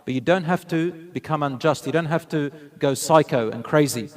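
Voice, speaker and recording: Guy preaching a sermon, kinda high voice, earnest storyteller, drops arabic phrases in. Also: normal speed.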